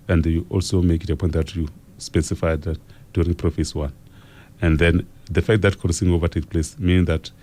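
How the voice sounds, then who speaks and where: Dictating key phrases for an exam revision lesson on radio, this South African-accented man speaks slowly and repetitively. He has a deep voice with a darkish tone.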